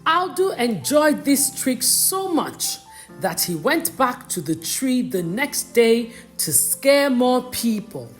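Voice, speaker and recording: A woman narrating a bedtime storybook in a slow, expressive reading voice. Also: fairly high pitch, faint music behind.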